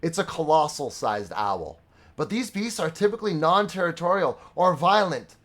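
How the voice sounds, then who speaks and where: A man's voice: on the high side, very animated, moderate pace, a bit bright. A young man running a live-streamed tabletop game as dungeon master, mixing casual banter with dramatic narration. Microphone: streaming microphone.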